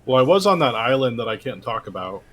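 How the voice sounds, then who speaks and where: A man's voice: medium pitch, sing-song, quick pace, highs cut off, a little hiss or hum. A man playing in a tabletop game, talking casually and rambling through his plans. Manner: rambling, chatty, laughs easily. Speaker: player.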